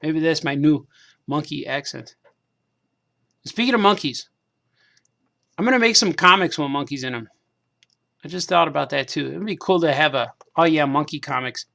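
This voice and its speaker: With a fairly high, creaky, sharp-toned voice, the cartoonist talks at normal speed and leaves long pauses. He drifts through a casual monologue while painting figures on his craft stream, repeating himself and laughing at his own comments.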